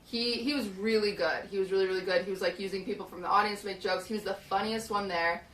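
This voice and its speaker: Bright young woman rambling through a story. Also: medium pitch, steady tone, fast, reverberant, distant mic, slight background noise, rough recording. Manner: rambling, lots of "like" and restarts, acts out quotes. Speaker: streamer. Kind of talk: casual storytelling chat. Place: small hot shed studio.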